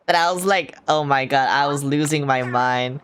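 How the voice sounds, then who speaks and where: A woman's voice: very deep voice, normal speed, a little hiss or hum. A young woman streaming a game, chatting casually, swearing and reacting dramatically as she rambles. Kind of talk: casual gaming livestream chat. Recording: music playing over the voice.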